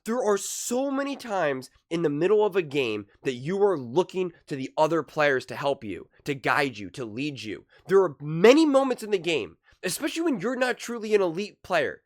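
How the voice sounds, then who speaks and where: A man's voice: on the high side, moderate pace, hardly any pauses. A young man giving casual, emphatic sports commentary, often acting out what others say. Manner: animated, emphatic, acts out quoted voices. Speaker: commentator reacting to a sports debate show.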